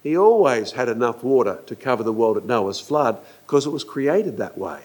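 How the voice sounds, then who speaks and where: An older man preaching a sermon, animated, asking his listeners questions and acting out quotes. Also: medium pitch, moderate pace.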